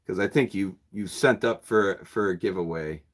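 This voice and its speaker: A man's voice: low voice, moderate pace. Rambling, chatty bookseller man. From New York State. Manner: rambling, repeats words, chuckles often. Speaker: bookseller and channel host. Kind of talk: casual livestream chat with viewers. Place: his bookshop.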